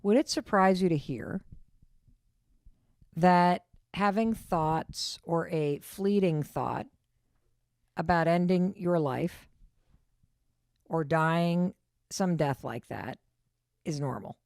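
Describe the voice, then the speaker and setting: Middle-aged woman, podcast host, deep, emphatic and reassuring, dry sound. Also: takes it slowly, vocal fry, long pauses, darkish tone, no room sound. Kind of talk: casual podcast conversation.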